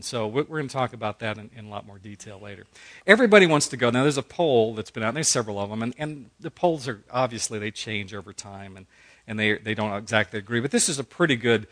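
A man's voice: medium pitch, fairly bright tone. A middle-aged man teaching a Bible study in a conversational preaching style, earnest and folksy, acting out quotes as he goes.

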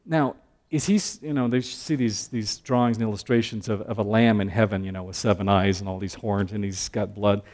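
A man giving a sermon-style Bible lesson, talking conversationally with joking asides, swinging between loud emphatic stretches and quiet asides. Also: on the low side, steady tone, fairly quick. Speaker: Bible teacher.

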